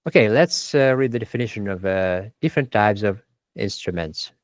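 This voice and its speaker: A man's voice: lowish voice, lively intonation, normal speed, no echo, clean studio sound. A man teaching English one-on-one, repeating words and patiently correcting pronunciation. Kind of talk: one-on-one vocabulary lesson.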